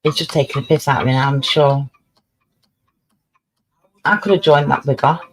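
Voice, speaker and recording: A woman's voice: extremely low pitch, fairly even intonation, normal speed, low-quality recording. A woman casually chatting on her livestream, swearing freely and scolding her cat as she talks. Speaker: livestream host.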